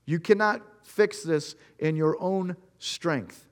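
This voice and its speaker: A man's voice: a little high, slow pace. A man preaching a sermon, retelling Bible stories and speaking earnestly to the listeners. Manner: storytelling, acting out Bible scenes in quoted voices; earnest, addresses listeners directly. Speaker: pastor.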